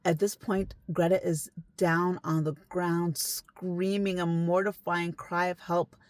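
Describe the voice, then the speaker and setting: Woman, young adult, casual storytime narrator, low voice, dry close sound, emphatic delivery. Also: level tone, takes it slowly, no echo. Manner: conversational, emphatic, sometimes hushed. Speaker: esthetician telling a client's story.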